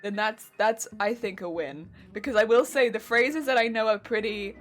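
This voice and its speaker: A woman streamer chatting casually with her live chat while crafting, laughing often, her weak voice cracking when her pitch changes. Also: normal speed, soft background music. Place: home crafting stream setup.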